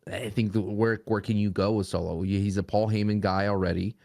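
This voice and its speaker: A man co-hosting a casual podcast, running the segment with brisk prompts and quick quips. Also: on the low side, little pitch movement, gravelly, a little mellow, no room sound, clean studio sound.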